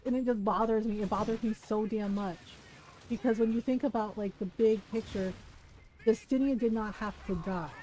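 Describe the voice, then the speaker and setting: A woman's voice: mid-range voice, slight background noise, rough recording. A woman streamer in casual gaming commentary, ranting in an exasperated way about a game character, swearing freely, laughing often and acting out quotes. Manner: animated, acts out characters in quotes.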